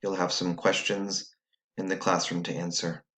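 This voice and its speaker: A man's voice: deep voice, flat delivery, normal speed, pushed and bright. A man teaching a recorded phonics lesson, patiently explaining step by step to students at home.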